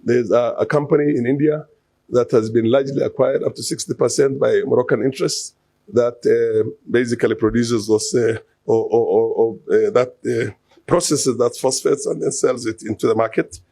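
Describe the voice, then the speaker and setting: A man's voice: mid-range voice, steady tone, normal speed, vocal fry, mellow, husky, no echo. A man giving unscripted political commentary, explaining and listing examples, with frequent fillers and restarts. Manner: hesitant, many fillers and restarts; explanatory, lists figures and examples.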